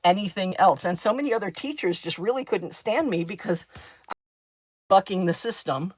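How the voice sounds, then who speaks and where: A woman's voice: mid-range voice, expressive, moderate pace, no room sound, poor audio. A middle-aged woman hosting a chatty crafting livestream, telling stories in a dry, sarcastic, talkative way. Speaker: craft channel host, former chemistry teacher.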